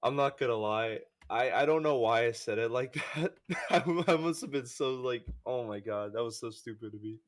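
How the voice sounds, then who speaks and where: A man's voice: mid-range voice, normal speed. A young man guesting on a podcast, sheepishly explaining himself and laughing a lot in casual chat.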